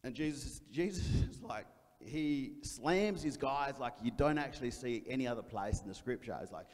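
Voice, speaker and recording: An Australian male pastor preaches a sermon in a church auditorium, telling a story with energy and acting out the voices of its characters. His voice is medium-pitched, animated and at normal speed, with church hall reverb on the recording.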